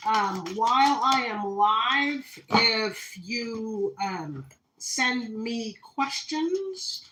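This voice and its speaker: A woman gives a dramatic, spiritual tarot reading on a live stream, addressing her viewers directly and using plenty of fillers. Her medium-pitched voice is fairly bright, the sound is roomy with slight background noise, and the audio is poor.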